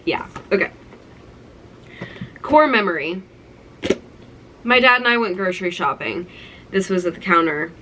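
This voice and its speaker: A woman's voice: fairly low pitch, a little slow, long pauses, sharp tone, slight background noise, rough recording. A young woman in her twenties talking through a keepsake collection, gushing and nostalgic, with lots of "like". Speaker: vlogger. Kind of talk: casual show-and-tell vlog.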